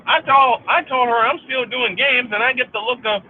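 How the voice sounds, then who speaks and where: On a livestream with tinny, phone-like sound, a middle-aged host rants angrily and profanely, hammering lines again for emphasis. His voice is very high-pitched and slightly rough, at a moderate pace.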